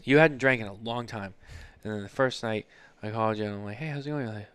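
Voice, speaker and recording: A man's voice: lowish voice, expressive, fast, a bit bright, smooth. A man in his thirties hosting a casual podcast, telling rambling stories and swearing freely. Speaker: podcast host. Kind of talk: casual chat.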